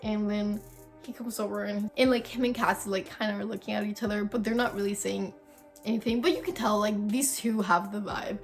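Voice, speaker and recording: A woman's voice: mid-range voice, fairly even intonation, brisk. A young woman vlogger telling a story in casual, dramatic chat, swearing freely. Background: faint background music.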